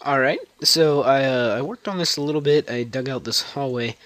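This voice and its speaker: A man's voice: mid-range voice, moderate pace, a bit bright. A young man giving rambling, chatty gameplay commentary and often correcting himself. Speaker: gameplay video creator.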